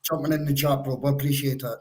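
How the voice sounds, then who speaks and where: A man's voice: mid-range voice, flat delivery, quick pace, darkish tone. A man co-hosting a live football watchalong, chatting casually and describing the match action.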